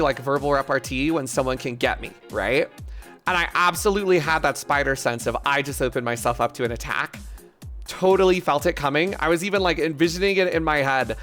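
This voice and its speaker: A man's voice: fairly high pitch, sharp tone. A man streaming live, joking crudely and rambling in banter with his chat.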